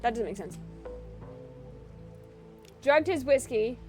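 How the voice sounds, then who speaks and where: Excitable high-voiced woman streamer. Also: slow pace, faint music behind. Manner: chatty, thinks aloud, loud excitable outbursts. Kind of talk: gaming stream commentary.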